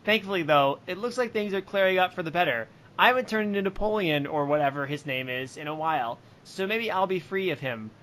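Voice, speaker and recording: High bright guy joking around on a comedy podcast, voice jumps all over. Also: expressive, fairly quick, hardly any pauses, a little hiss or hum. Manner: playful, jokey. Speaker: podcast co-host. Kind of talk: casual comedic chat.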